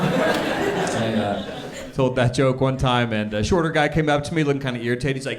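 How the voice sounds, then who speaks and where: A man's voice: medium pitch, lively intonation, a little fast. Dry self-deprecating young male comic. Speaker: stand-up comedian. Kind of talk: stand-up set. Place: comedy club stage. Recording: live club recording with audience noise. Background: audience laughter.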